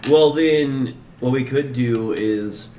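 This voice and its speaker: A man's voice: medium pitch, slow pace. Brash, cursing male player in an echoey room. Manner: brash, profane, excitable. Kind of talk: casual tabletop game chat. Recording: roomy echo with faint ambient noise.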